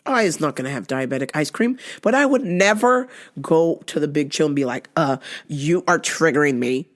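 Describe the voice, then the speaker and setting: A woman's voice: sits low, big pitch swings, brisk. A woman hosting a podcast, ranting in a brash, profane, joking way. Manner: brash, profane, laughing, mocking quoted voices. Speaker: podcast host. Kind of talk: casual comedic rant.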